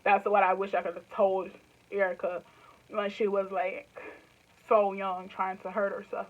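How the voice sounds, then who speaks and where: A woman's voice: mid-range voice, level tone, a little slow, highs cut off. Chatty Southern woman in her twenties. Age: 20s. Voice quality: laughs often, talks in loose run-on phrases. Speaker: YouTuber. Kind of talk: casual direct-to-camera chat.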